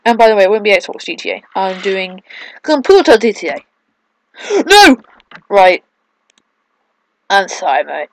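A young man giving excitable let's-play gameplay commentary at his home computer, yelping and shouting at the game. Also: sits high, fairly quick, gravelly, no echo, poor audio.

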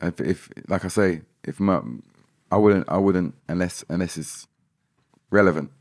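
A man's voice: low voice, fairly even intonation, unhurried, darkish tone, no echo, studio quality. A man guest on a podcast, talking emphatically and repeating himself. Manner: emphatic, repeats phrases like "hundred percent". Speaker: musician guest. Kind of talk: podcast conversation.

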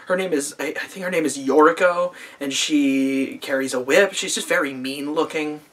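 A man's voice: on the high side, normal speed, a bit bright. A man in his twenties giving a casual, profane vlog review of a show, rambling with lots of fillers and dry sarcasm. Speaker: anime reviewer.

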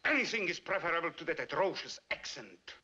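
A man's voice: on the high side, sing-song, brisk, sharp tone, muffled recording, full character voice. An actor in a 1950s film playing a domineering, contemptuous Soviet premier who barks his orders. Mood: scornful. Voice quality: barking, scornful. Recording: old film soundtrack with hiss.

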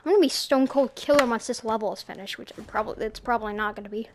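A woman giving casual gameplay commentary at home on a headset, talking to the game and shouting at the enemies in frustration. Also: fairly high pitch, racing, slight background noise. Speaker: gaming YouTuber.

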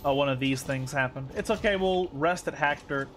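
A man's voice: a little high, normal speed, fairly bright tone, slight background noise. A man streaming a game live, thinking aloud, counting under his breath and swearing when annoyed. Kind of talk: live gaming commentary.

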